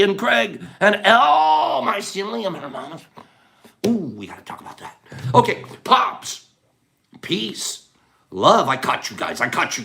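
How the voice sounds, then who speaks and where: A middle-aged man hosting a livestream, rapidly thanking viewers by name in a warm, effusive way. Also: high voice, gravelly. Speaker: livestream host. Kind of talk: casual livestream sign-off.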